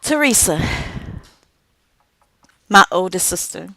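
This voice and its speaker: Slow, emphatic woman giving a speech. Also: on the low side, lively intonation, gravelly, sharp tone, no room sound. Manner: slow, emphatic delivery with dramatic pauses. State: tearful at moments. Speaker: author and speaker. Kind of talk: inspirational speech.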